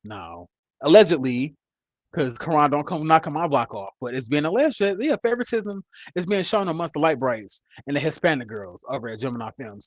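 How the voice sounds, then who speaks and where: Man, mid-30s, medium pitch, loose rambling reviewer, salty and blunt, dry close sound. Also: no echo, rough recording. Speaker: reality TV reviewer. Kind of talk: casual commentary.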